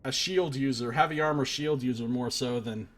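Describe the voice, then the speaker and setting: A man's voice: medium pitch, normal speed, fairly bright tone. Man mumbling casual game commentary. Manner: musing, half-mumbled remarks. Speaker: let's play host.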